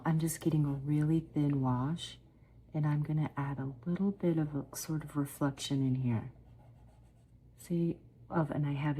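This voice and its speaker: A middle-aged woman with a low-pitched voice talks her viewers through a watercolor painting step by step. She is chatty and encouraging, calling the audience "guys" as she works. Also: a little mellow. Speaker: watercolor art teacher.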